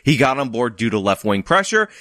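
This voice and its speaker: A man with a mid-pitched voice hosts a commentary vlog, making his points emphatically and arguing them through. His intonation is lively, and the recording sounds dry and close. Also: brisk, no echo. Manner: argumentative, emphatic, explaining. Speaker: political commentary YouTuber.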